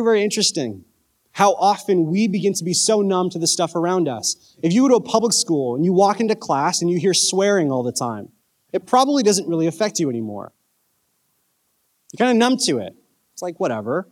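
A man preaching a casual youth sermon, joking and asking his listeners questions. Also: high voice. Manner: casual, conversational preaching with jokes and questions to the audience. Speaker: youth pastor.

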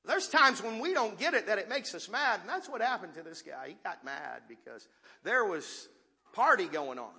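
A man preaching a sermon with dynamic call-and-response delivery, swinging from soft asides to shouted points. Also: high-pitched, very animated, moderate pace, gravelly. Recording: long reverb of a large hall.

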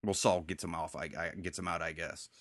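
Guy with a lowish voice rambling thru a tv recap, dry close sound. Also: fairly even intonation, a little fast, a bit bright, no room sound. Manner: rambling, retells scenes with quoted lines. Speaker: podcast host. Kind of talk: casual TV recap chat.

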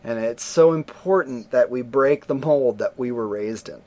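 A middle-aged man talks loosely and at length about a movie, his pitch sitting mid-range. He slips into acted voices as he retells scenes, keeping a relaxed, conversational flow. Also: moderate pace. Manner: animated storyteller, acts out scenes in voices. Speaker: podcast co-host reviewing a film. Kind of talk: casual chat.

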